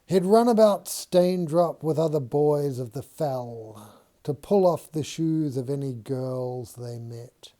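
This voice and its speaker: A man reading a novel aloud in a measured, unhurried storytelling manner. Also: fairly high pitch, dark tone. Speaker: audiobook reader.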